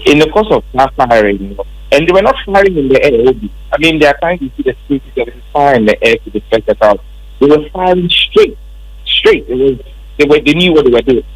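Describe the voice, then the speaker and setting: A man's voice: mid-range voice, lively intonation, fast talker, slightly rough, no echo, low-quality recording. A man with a Ghanaian accent, a member of parliament, emphatically recounting events in an interview. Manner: emphatic, repetitive storytelling.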